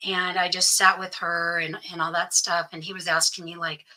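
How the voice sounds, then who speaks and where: Middle-aged woman telling a story, sharp tone. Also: on the low side, little pitch movement, normal speed, low-quality recording. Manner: recounts events by acting out quoted dialogue. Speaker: guest. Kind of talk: personal story told in an interview.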